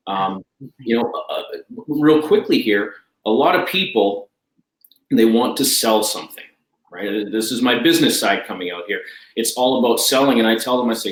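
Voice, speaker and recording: A man's voice: medium pitch, roomy sound, poor audio. A man talking as a guest life coach, enthusiastic and emphatic, repeating his key phrases. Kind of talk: energetic conversational talk.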